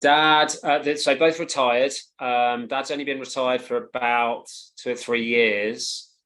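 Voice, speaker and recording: A man in his forties with an English accent talks in a flat, level tone as a podcast guest. He speaks at an easy pace, with frequent ums and rhetorical tag questions. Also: mid-range voice, measured pace. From England. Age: 40s. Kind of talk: casual interview chat.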